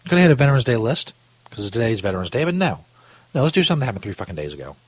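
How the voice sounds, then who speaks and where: A man hosting a comedy radio show, exasperated and sarcastic, swearing freely, with a husky voice. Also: mid-range voice, sing-song, racing, no room sound.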